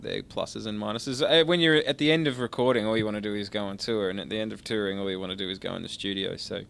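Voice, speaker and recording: A man's voice: on the low side, fairly even intonation, fast talker, vocal fry, a bit bright. An Australian man in a band, talking in a laid-back, sleepy way in an interview. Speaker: band member. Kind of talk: casual interview.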